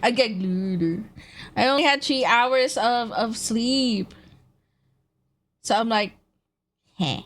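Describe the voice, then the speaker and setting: A woman's voice: a little high, takes it slowly, pauses often, a bit bright. A young woman streamer, chatting casually in slang and laughing often. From Philippines. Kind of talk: casual live-stream chat.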